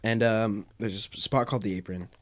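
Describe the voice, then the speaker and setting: A young man chatting casually about his job in a relaxed, rambling way with many fillers. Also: fairly low pitch, a little fast. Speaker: podcast co-host. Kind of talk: casual chat.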